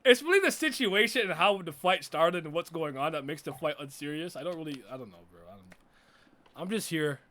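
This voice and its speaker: A man giving a casual reaction commentary as a streamer, laughing and swearing with loud frustrated outbursts. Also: fairly high pitch, expressive, brisk. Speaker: streamer reacting to an anime episode.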